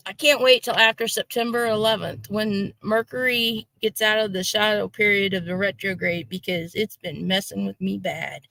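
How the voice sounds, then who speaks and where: A woman's voice: mid-range voice, fairly even intonation, moderate pace, creaky, hardly any pauses, pushed and bright, no echo. A woman hosting a casual live online panel, chatty and jokey, talking into a call mic. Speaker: host.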